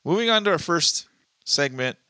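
A man's voice: on the high side, animated, moderate pace, pushed and bright, clear, resonant tone, no echo. A man hosting a casual podcast, trading crude jokes and laughing often. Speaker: podcast host. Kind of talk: casual chat.

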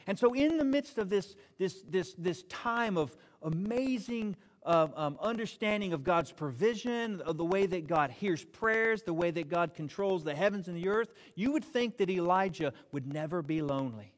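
A man preaching a sermon, telling the story in an animated, joking way and acting out the dialogue. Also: high-pitched, moderate pace, few pauses. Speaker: pastor. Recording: long hall reverb.

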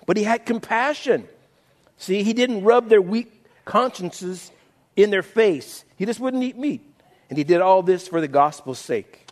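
A middle-aged man preaches in a relaxed, storytelling manner, often poking fun at himself. His voice sits fairly high for a man. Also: unhurried. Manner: conversational storytelling, self-mocking humor. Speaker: pastor. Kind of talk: sermon.

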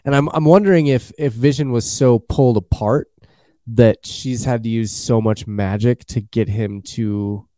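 A man's voice: medium pitch, measured pace, mellow, dry recording, studio quality. A man chatting casually as a podcast host, rambling and acting out quotes in jokey voices. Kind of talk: casual chat.

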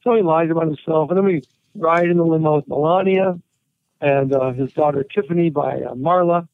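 Guy with a raspy fried voice spinning golf stories, tinny phone sound. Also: on the high side, brisk, dry recording. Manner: animated anecdotes with quoted voices and laughter. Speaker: guest, golf writer. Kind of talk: storytelling interview.

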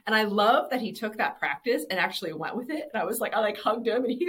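A woman's voice: on the high side, big pitch swings, fast, hardly any pauses. A woman in her thirties, a business owner interviewed on a podcast, talks candidly, swears freely and laughs often. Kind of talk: casual interview.

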